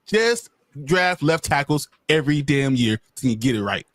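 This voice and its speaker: A man's voice: fairly high pitch, big pitch swings, normal speed, fairly bright tone, dry recording, clean studio sound. A man co-hosting a casual sports podcast, mock-ranting with exaggerated frustration and frequent laughter. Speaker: podcast co-host.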